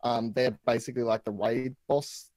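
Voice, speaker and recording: A man talking as a guest on a casual panel chat, rambling and thinking out loud as he goes. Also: mid-range voice, level tone, moderate pace, low-quality recording.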